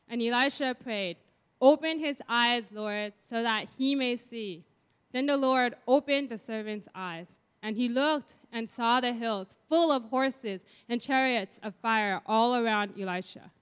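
A woman pastor leading a group Bible reading, reading scripture aloud clearly and evenly in a church hall. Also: a little high, fairly bright tone. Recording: long hall reverb.

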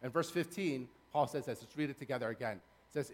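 A man's voice: medium pitch, fairly quick, in a large hall. A man preaching a sermon in a church, earnest, building his points through repeated phrases. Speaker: pastor. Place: church sanctuary.

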